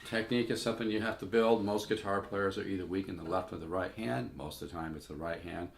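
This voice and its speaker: An older man, folksy and plainspoken, teaching guitar technique and pitching a guitar for sale while he plays. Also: steady tone, fast talker, creaky. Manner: folksy, plainspoken, repeats himself. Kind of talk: casual guitar demo and sales pitch. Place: room while playing guitar. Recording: echoey room with guitar. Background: his own guitar playing.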